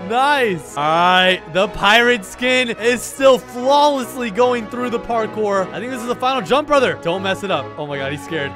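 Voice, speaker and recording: A man's voice: high voice, expressive, moderate pace, few pauses. Hyped young man commentating a game. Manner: hyped, exclaiming, laughing between lines. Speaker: host. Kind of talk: excited gaming commentary. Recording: music playing behind the voice.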